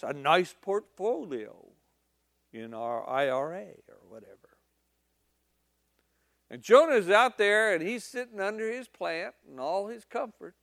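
A man's voice: high-pitched, no echo, clean studio sound. A man preaching a sermon in a conversational, emphatic storytelling manner.

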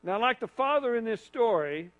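An earnest preacher with a high voice for a man delivers a sermon. He leads his listeners in repeating lines together and drops to a soft, low voice to make a point. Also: lively intonation, moderate pace, highs cut off. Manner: leads the congregation in call-and-repeat phrases.

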